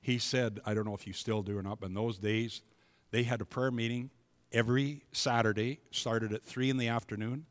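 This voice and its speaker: A man preaching a sermon in a church, emphatic and building to loud, declaiming passages. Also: medium pitch, fairly even intonation, a little fast. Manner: emphatic, rising to loud proclamations. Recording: long hall reverb.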